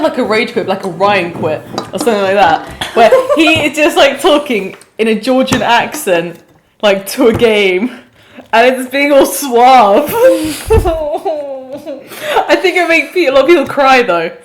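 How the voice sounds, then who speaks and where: A woman's voice: on the high side, expressive, unhurried, background noise. A young woman co-hosting a casual podcast chat, rambling along with lots of "like" fillers. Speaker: podcast co-host.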